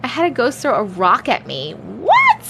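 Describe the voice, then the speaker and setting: A woman's voice: medium pitch, big pitch swings, a little fast, very noisy. A woman hosting a livestream, chatting playfully with viewers, thanking them often and drifting between put-on accents as she reads their stories aloud. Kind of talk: casual livestream chat and story reading.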